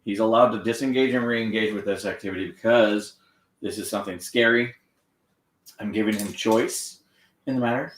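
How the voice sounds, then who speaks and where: A man training a dog on camera, gently encouraging it and explaining each step. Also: lowish voice, normal speed, recorded from a distance. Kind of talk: live training demonstration with explanation. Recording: echoey room, off-mic, faint noise.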